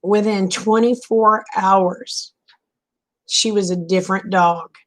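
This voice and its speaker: A woman's voice: medium pitch, fairly even intonation, takes it slowly, a bit bright. A middle-aged woman, telling a long homespun story in a casual vlog, full of "he said" asides. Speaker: vlogger. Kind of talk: casual late-night storytelling.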